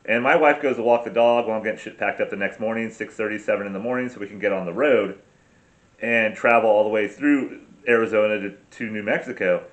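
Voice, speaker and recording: A man's voice: lowish voice, fast, muffled recording. Profane ranting middle-aged man. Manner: profane, ranting, self-interrupting. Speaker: travel vlogger. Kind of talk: casual rambling vlog storytelling.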